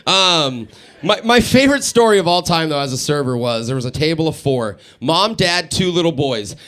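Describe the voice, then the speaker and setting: A man's voice: a little high, normal speed. A young man, a radio host, doing a live stand-up set in a studio, telling stories and acting out the people in them. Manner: animated storytelling, acts out characters, laughs a lot. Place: live studio in front of a small audience.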